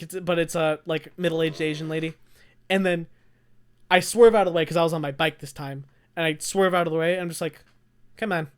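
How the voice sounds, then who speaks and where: Young adult, podcast co-host, casual storytelling, rambling, animated, laughs a lot. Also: medium pitch, clean tone.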